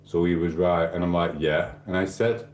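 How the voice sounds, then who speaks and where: Man, deep voice, mellow tone, rambling casual chat, echoey room. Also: a little fast. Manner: rambling, swearing, chatty asides to viewers. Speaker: livestream host.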